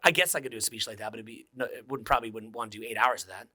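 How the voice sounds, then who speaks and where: A man voicing a drowsy, relaxed version of himself in a low, half-whispered murmur, as whispered role-play. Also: dry recording, clean studio sound. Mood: lazy, sultry. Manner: slow and lazy.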